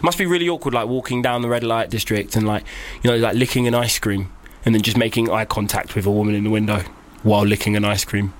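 A man's voice: on the low side, fast, hardly any pauses. A young man co-hosting a casual podcast, laughing often and bantering. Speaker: co-host.

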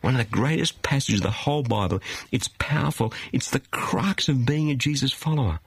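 A man delivers a studio sermon with an animated, swooping voice and a slightly husky edge. He leans on emphasis and dramatic pauses, firing off rhetorical questions. The sound is close and dry. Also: medium pitch, dry recording. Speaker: preacher.

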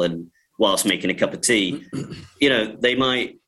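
A film director talking casually in an interview, rambling with many restarts and frequent laughs. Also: male voice, deep voice, brisk, bright, forceful tone, poor audio.

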